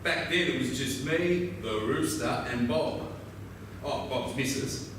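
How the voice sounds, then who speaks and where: An actor with an Australian accent playing a weathered, laconic outback roadhouse local who drawls through a swearing yarn. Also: male voice, medium pitch, unhurried, fairly bright tone, close to an everyday voice. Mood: wry. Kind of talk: theatrical monologue. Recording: very echoey, distant mic, noisy ambience.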